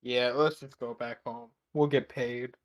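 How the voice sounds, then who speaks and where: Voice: medium pitch, fairly even intonation, a little slow. A player in a tabletop game who keeps cracking jokes. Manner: jokey, wisecracking.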